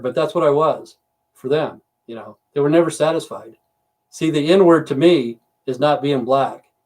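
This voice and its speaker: This is a casual home livestream rant from a US man in his fifties or sixties who rambles, speaks bluntly, and swears a lot to his viewers. His voice sits a little high with a darkish tone, captured through a computer mic.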